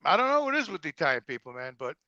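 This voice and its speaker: A middle-aged man with a New York accent telling profane, animated stories in casual conversation. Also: fairly high pitch, very fast, dry recording, dull audio. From Brooklyn, New York. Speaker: guest. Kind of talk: casual storytelling.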